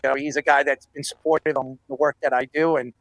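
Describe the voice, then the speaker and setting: A man's voice: medium pitch, level tone, fast, creaky, no echo, poor audio. A man hosting a casual sports podcast, rambling and emotional, dropping his voice when moved. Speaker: podcast host.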